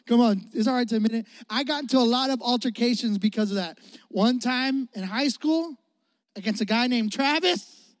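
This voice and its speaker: High-voiced, animated young preacher. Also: male voice, moderate pace, no echo, studio quality. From Chicago area, United States. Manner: animated, joking, talks to the audience. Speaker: youth preacher. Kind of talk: storytelling sermon.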